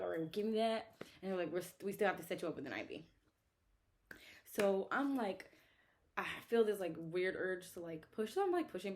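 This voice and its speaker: A young woman, casually telling her labor story in a vlog, animated and exasperated, full of "like". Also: mid-range voice. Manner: animated, exasperated retelling with lots of "like".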